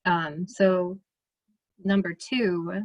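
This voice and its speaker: A woman with a Midwestern American accent, an ornithologist giving a relaxed, chatty presentation over a video call, full of fillers and restarts. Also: lowish voice, drawn-out words, dry recording. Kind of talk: casual presentation.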